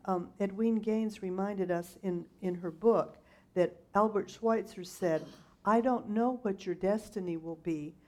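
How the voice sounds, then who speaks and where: A woman's voice: mid-range voice, unhurried, a little mellow. A middle-aged woman minister giving a sermon, relating a story in a conversational storytelling manner.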